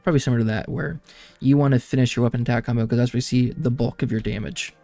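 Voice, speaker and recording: A man's voice: medium pitch, fairly even intonation, rapid-fire, dark tone, soft background music. A man streaming a game, rambling and chatting casually to his viewers and laughing often.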